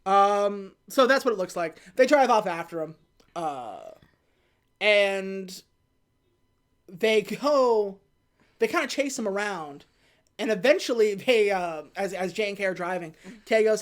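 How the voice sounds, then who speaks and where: A woman hosting a podcast, casually retelling a film plot and quickly acting out the characters' lines. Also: mid-range voice. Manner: animated retelling with quick put-on quotes. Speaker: podcast host. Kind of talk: casual movie recap chat.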